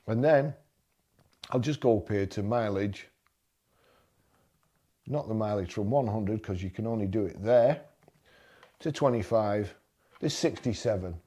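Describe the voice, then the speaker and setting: A man's voice: lowish voice, mellow, slightly rough. A man giving a blunt, exasperated commentary while browsing car listings, repeating himself when riled. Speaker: motoring vlogger. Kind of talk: screen-browsing commentary and rant.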